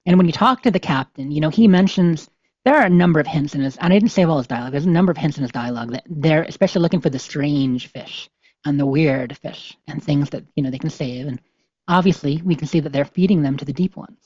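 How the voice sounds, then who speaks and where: Low husky-voiced woman podcaster. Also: quick pace, darkish tone, no room sound. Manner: rambling, lots of "you know" fillers. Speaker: podcast host. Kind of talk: casual podcast chat, reading game notes aloud. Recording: slightly dull, dry lo-fi sound.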